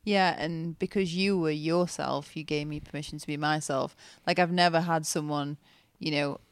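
A woman's voice: low-pitched, steady tone, moderate pace, dry recording. A woman co-hosting a podcast, telling personal stories openly in casual chat. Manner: open, candid storytelling. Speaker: podcast co-host.

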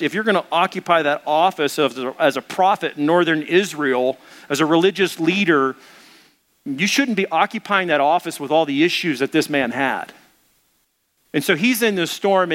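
A middle-aged man preaching a sermon, animated and acting out the Bible story in little voices. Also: fairly high pitch. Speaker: pastor.

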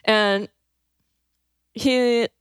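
A woman's voice: fairly high pitch, fairly even intonation, extremely slow, clean tone, dry recording. Dry, close woman telling a story. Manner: laid-back and amused, with lots of fillers and laughs. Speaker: podcast guest telling a story. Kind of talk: casual anecdote storytelling.

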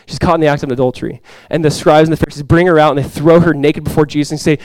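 A male pastor delivers a sermon in a fairly high voice, captured close and dry with little room sound. He preaches with passion, rising to loud, urgent lines and then falling back to a soft, quiet delivery. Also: fairly even intonation, racing, no echo. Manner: impassioned preaching, swells loud for quoted cries then drops soft. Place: church sanctuary before a congregation.

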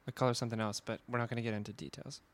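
A man co-hosting a casual podcast chat, candid and quick to laugh, often trailing off mid-thought. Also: mid-range voice, level tone. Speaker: podcast co-host.

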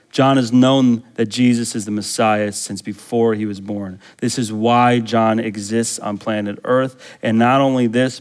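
Brief: male pastor preaching, lively and chatty, reads scripture aloud and asks the congregation questions. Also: mid-range voice. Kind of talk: sermon.

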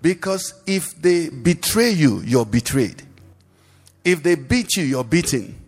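A male pastor delivers a sermon at a deliberate, unhurried pace, pitched a little high for a man. He keeps throwing questions to the congregation and waiting for them to finish his sentences. The sound carries the long reverb of a large hall. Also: lively intonation, husky. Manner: preaching with call-and-response questions to the congregation. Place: church service.

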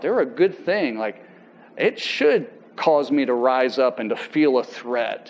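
A man, a pastor, giving a sermon and telling a personal story in a conversational way, with halting restarts and voices for people he quotes. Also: medium pitch, low-quality recording.

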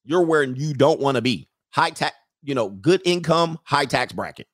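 Here a man with an expressive mid-range voice speaks at a moderate pace, recorded cleanly in a studio with no echo. Hosting a live stream, he reads viewers' comments aloud and riffs on them, loose and joking. His casual commentary goes straight to the chat.

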